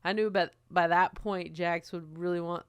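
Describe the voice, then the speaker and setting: Smooth-voiced woman telling an animated story. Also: on the low side, normal speed, dry recording. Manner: animated storyteller, trails off and restarts. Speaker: podcast co-host. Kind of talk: casual chat.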